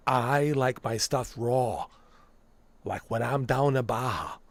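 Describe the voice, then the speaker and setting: A man doing an impression of a boastful older ex-commando celebrity, talking in a slow, self-important drawl. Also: medium pitch.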